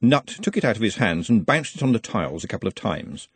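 A man narrating a comic fantasy audiobook with a very animated, swooping delivery. His voice has a husky grain, and the recording is close and dry. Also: fairly low pitch, fast, dry recording. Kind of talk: scripted narration.

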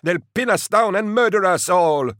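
A man's voice: high-pitched, animated, moderate pace, fairly bright tone, dry recording, studio quality, pitched above the performer's own voice. A man voicing a panicking male convoy driver who bellows frantic insults. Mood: panicked shouting.

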